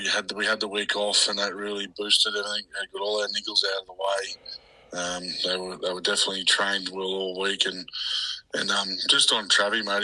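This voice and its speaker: Flat, low-voiced coach. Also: male voice, dry recording, poor audio. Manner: laid-back, matey, says mate often. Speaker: football coach. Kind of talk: casual radio interview.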